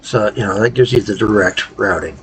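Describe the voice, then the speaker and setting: A tired man hosting a casual game tutorial, thinking aloud in a halting, low-key way. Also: a little hiss or hum, low-quality recording. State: tired, worn out. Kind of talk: casual gameplay tutorial commentary.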